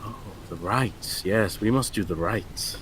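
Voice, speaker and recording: A man's voice: on the low side, unhurried, a bit bright, a little hiss or hum. A man voicing a grief-stricken old village priest who seems distracted and keeps repeating himself. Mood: mournful.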